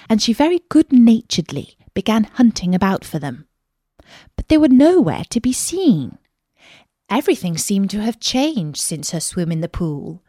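Woman storyteller, expressive storybook reading, animated pitch, dry close sound. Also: dry recording.

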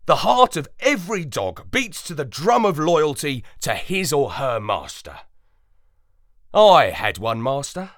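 A storyteller reading a playful storybook in the first person, in an expressive, unhurried manner. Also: mid-range voice, no echo, clean studio sound. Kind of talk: storybook narration.

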